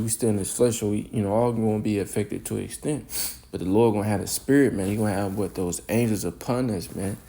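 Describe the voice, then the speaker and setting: A man's voice: on the low side, creaky, mellow. A man giving informal scripture commentary, rambling and repeating words, ending phrases with "man".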